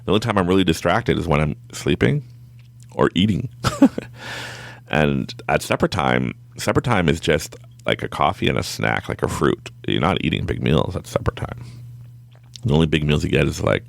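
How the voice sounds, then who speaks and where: A man with a deep, gravelly voice tells a story in a loose, chatty way. His pitch leaps all over as he acts out his own thoughts and breaks into laughter, recorded close and dry. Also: big pitch swings, normal speed, dry recording. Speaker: podcast guest. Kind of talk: casual storytelling.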